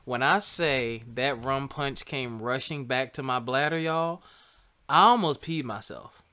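A man casually telling a funny personal story to listeners, animated and laughing often. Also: medium pitch, unhurried, clean tone. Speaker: co-host telling a couple's story.

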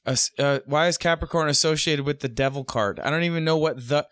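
Guy with a smooth clear voice, a bit high, chatting on a podcast, dry close sound. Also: fairly quick, no echo. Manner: animated, mimics voices to tease. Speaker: podcast co-host. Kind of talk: casual chat.

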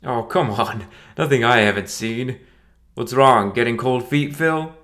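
A man doing a loud, jovial father of the bride. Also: medium pitch, fairly quick, pitched above the performer's own voice, close to an everyday voice. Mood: hearty teasing. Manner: hearty, calling loudly through a door.

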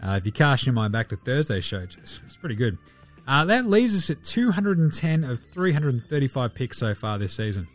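A man's voice: mid-range voice, sing-song, a little fast, soft background music. A man hosting a sports podcast, running through betting picks in casual, profane, slang-heavy banter.

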